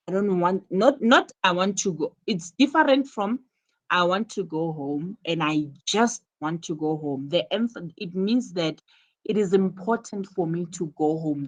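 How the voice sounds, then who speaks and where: A woman teaches an English class online over a video call. Her voice sits low, and she speaks very slowly. She explains patiently, coming back to the same point with fresh examples.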